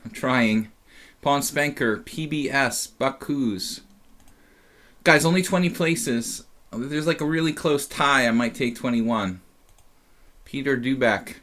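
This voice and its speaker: A man's voice: mid-range voice, slow pace, fairly bright tone. A tired man casually commentating his chess simul on a live stream, rambling and chatty with lots of fillers.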